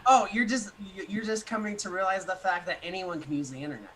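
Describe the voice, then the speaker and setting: A man's voice: high-pitched, fast talker, a bit bright, slight background noise, poor audio. A man co-hosting a casual podcast and reading the chat. He jokes around and laughs often.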